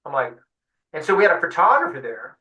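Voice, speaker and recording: Animated man telling a fishing story, echoey. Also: a little high, fast. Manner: animated storyteller acting out voices. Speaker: guest fly-fishing guide. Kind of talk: storytelling in an interview. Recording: roomy sound, mic at a distance.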